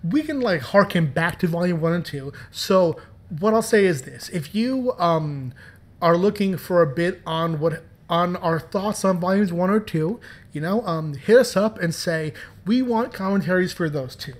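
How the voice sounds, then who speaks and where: A man's voice: high-pitched, lively intonation, unhurried. A man hosting a podcast and talking about his comics in a playful, joking, chatty way. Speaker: podcast host and comics writer. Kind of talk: casual podcast commentary.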